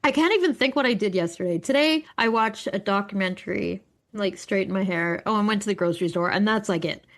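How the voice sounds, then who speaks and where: A woman in her forties from Alberta, co-hosting a podcast in casual chat, telling animated stories full of swearing, acted-out quotes and laughter. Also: mid-range voice, fast. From Alberta, Canada. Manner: animated storyteller, swears freely, acts out quotes, laughs often. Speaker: podcast co-host.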